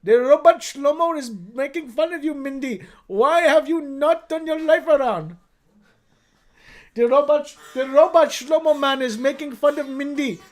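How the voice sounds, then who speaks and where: Using a very high-pitched voice and a measured pace, a man puts on an Indian accent to play a nagging father. Exasperated, he mock-scolds his grown daughter again and again.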